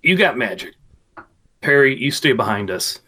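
A man's voice: mid-range voice, big pitch swings, normal speed, sharp tone, breathy edge. A man playing a tabletop role-playing game, talking casually with the game master. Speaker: player.

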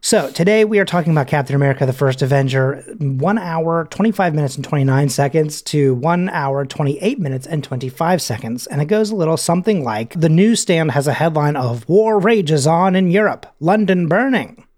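A man's voice: a little high, expressive, fairly quick, hardly any pauses, darkish tone. A man hosting a podcast, casually recapping a movie scene and reading lines aloud with his own asides. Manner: chatty, reads scene quotes aloud with asides. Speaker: podcast host.

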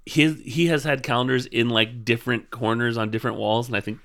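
A man's voice: mid-range voice, steady tone, a little fast, fairly bright tone. A man co-hosting a podcast, chatting casually about a TV show with rambling asides and frequent laughs. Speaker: podcast co-host.

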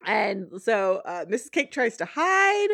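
Lively woman recapping a cartoon. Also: medium pitch, takes it slowly, gravelly, dry recording, clean studio sound. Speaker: podcast host. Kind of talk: casual recap chat.

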